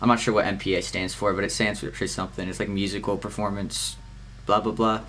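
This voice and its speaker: A teenage boy co-hosting a podcast, rambling through his week in casual chat, swearing often and filling pauses with "um" and "like.". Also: lowish voice, little pitch movement, a bit bright, slight background noise. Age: teens. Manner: rambling, swears a lot, many fillers. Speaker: podcast co-host.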